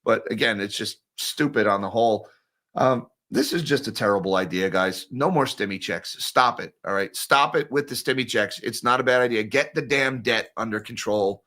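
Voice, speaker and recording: A man's voice: medium pitch, moderate pace, bright, forceful tone. A man hosting a casual livestream, talking bluntly and sarcastically with a sore throat, reading and answering viewer comments. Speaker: host.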